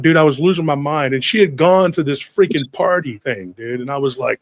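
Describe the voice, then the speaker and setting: A man in his forties casually telling a lively childhood story, acting out family members' voices along the way. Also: on the high side, a little fast, few pauses, no room sound.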